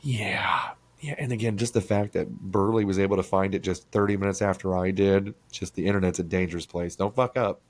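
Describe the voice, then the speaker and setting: A man co-hosting a podcast, chatting crudely and telling animated stories. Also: deep voice, brisk, few pauses, no room sound. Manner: crude, animated storyteller, acts out quoted voices. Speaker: podcast co-host. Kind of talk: casual podcast chat. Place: small studio room.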